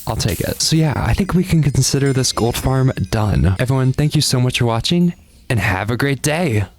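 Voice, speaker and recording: A man's voice: medium pitch, animated, moderate pace, soft background music. A man hosting his own gaming channel, giving upbeat, chatty commentary as he plays and talking straight to his viewers. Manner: upbeat and chatty, talks to viewers and to animals in the game. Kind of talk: casual game commentary.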